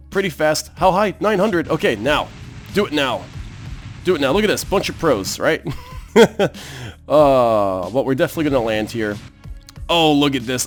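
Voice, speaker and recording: Excitable man doing gameplay commentary. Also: medium pitch. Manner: excitable, exclaiming at the screen. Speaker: let's play host.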